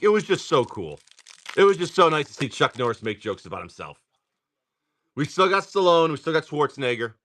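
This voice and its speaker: A man hosting a live card-break stream, just woken up and clearing his throat, chatting in a rambling way while rattling off card names. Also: medium pitch, bright, forceful tone. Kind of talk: casual livestream chatter.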